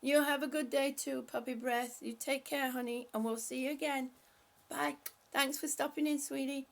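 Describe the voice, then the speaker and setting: An older woman hosting a casual livestream, calling out gentle stretches and chatting with viewers as she reads their comments aloud. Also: sits high, fairly even intonation, moderate pace. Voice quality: breathy at times. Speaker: livestream host leading stretches. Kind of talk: casual livestream chat and exercise cues.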